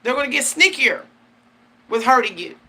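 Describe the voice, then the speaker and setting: A woman's voice: fairly high pitch, animated, normal speed, pushed and bright. A woman hosting her channel, talking casually and emphatically about spiritual matters, slangy and laughing often. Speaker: channel host. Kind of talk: casual spiritual talk to camera.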